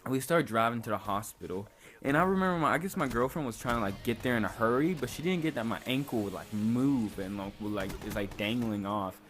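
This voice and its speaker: A man's voice: mid-range voice, lively intonation, brisk, a bit bright. A young man casually telling a story on his vlog, laid-back, peppering his talk with "like" and swearing freely. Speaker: vlogger. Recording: faint background noise.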